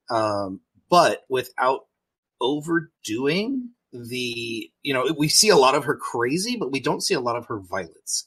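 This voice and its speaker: A man on a casual podcast who explains game mechanics and his views at length. His voice is bright and forward, with a husky, slightly rough edge. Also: medium pitch, poor audio. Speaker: podcast co-host. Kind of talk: casual chat.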